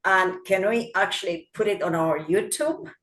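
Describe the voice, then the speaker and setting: A woman's voice: medium pitch, normal speed, a bit bright. Woman hosting an online session. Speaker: host and event organizer.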